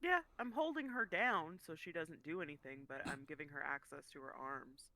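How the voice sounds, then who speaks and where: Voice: medium pitch, moderate pace, bright, forceful tone, no echo. A player in a tabletop game, talking casually and eagerly about their character's moves.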